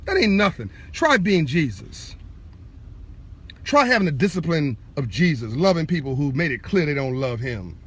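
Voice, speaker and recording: Man on a live video, husky voice, swooping inflection, fervent sermon-like delivery to camera. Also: on the high side. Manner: fervent, direct, preachy, repetitive emphasis; insists on being calm and measured. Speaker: speaker addressing online viewers. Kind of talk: impassioned live-video monologue.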